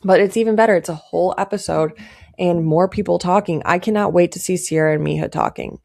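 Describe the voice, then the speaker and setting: A woman's voice: fairly low pitch, fairly quick, creaky, a little mellow. A young woman giving casual, indignant commentary to camera, stressing her points by repeating them. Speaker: pop culture commentator.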